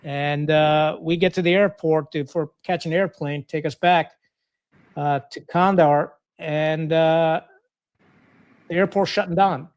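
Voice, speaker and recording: A man's voice: on the high side, steady tone, measured pace. Blunt, salty middle-aged man telling war stories. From Pakistan. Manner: blunt, profane, acts out quoted dialogue. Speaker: podcast guest, retired Marine officer. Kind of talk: casual war storytelling.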